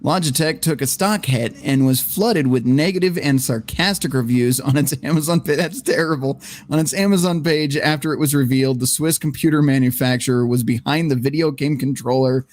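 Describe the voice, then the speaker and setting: Male panel-show host, mid pitch, loose and profane, reads headlines with laughing asides. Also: a little fast, few pauses. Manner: profane, laughing, steers the talk back on topic. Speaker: podcast host. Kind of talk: casual panel chat, reading news aloud.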